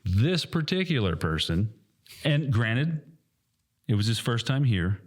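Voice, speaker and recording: A man in his thirties, co-hosting a casual podcast, telling an animated story, swearing often and acting out quotes loudly. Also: medium pitch, measured pace. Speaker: podcast co-host and airsoft field staff.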